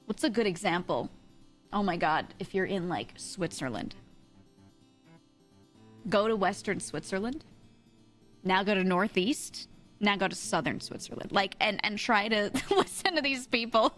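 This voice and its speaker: Woman streamer from New York, casual swearing chat, mid-pitched, light music underneath. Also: lively intonation, a little slow, pauses often, a bit bright. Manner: rambling, swears, laughs often.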